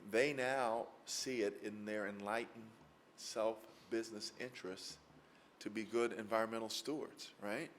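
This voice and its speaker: A man's voice: fairly low pitch, fairly even intonation, measured pace, slight background noise. A man from Mississippi, a lawyer giving a lecture, telling stories in a folksy way with many fillers. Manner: folksy, anecdotal, frequent fillers. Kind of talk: storytelling lecture answer. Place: lecture hall with audience.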